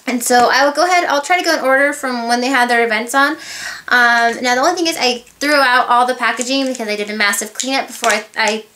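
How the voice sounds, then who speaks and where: A woman's voice: a little high, sharp tone. A woman talking casually in a beauty haul video, rambling and chatty with many asides. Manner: rambling, chatty, full of filler words and asides. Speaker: beauty vlogger. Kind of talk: casual haul review chat.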